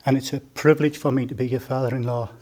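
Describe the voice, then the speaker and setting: In an indoor wedding reception room, a man gives a father of the bride speech full of jokes and stories, teasing the groom. He talks fast in a medium pitch with fairly even intonation, and the recording is very noisy.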